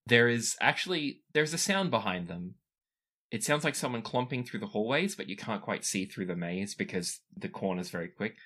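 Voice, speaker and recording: A man running a tabletop game as game master, narrating scenes and jumping into character voices. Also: normal speed. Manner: lively, animated narration that jumps up in pitch for characters.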